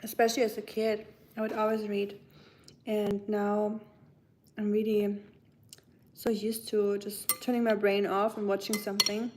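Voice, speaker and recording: A woman's voice: mid-range voice, level tone, a little slow, long pauses, a little hiss or hum, low-quality recording. A young woman hosting a casual livestream, chatting and musing with her viewers while she eats. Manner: chatty, musing, answers chat while eating. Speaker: livestream host. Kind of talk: casual chat with live chat viewers.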